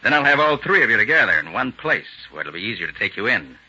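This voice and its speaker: A man's voice: on the low side, huge pitch swings, moderate pace, bright, forceful tone, husky, full character voice. A man playing a sardonic, unshaken detective held captive by gangsters in a 1940s radio drama, with dry wisecracks. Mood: mocking. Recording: lo-fi old radio with faint hiss.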